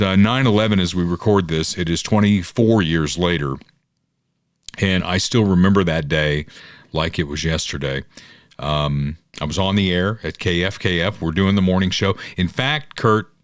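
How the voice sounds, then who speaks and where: A man's voice: low voice, dry recording, studio quality. A middle-aged man hosting a podcast in a folksy, upbeat way, chatting and reading sponsor plugs like a salesman. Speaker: podcast host and local political candidate. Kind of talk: casual podcast talk with sponsor reads.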